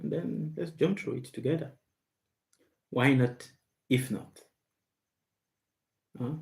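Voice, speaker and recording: A man hosting a live stream question-and-answer session, speaking slowly and emphatically and repeating key words. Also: mid-range voice, gravelly, a little mellow. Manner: slow, emphatic and repetitive, stressing words. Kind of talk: live Q&A monologue.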